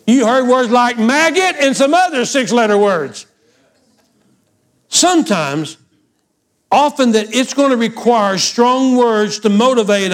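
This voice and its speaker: A man preaching a sermon as pastor, emphatic and urging, building to loud exhortations. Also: very high-pitched, lively intonation, takes it slowly, long pauses.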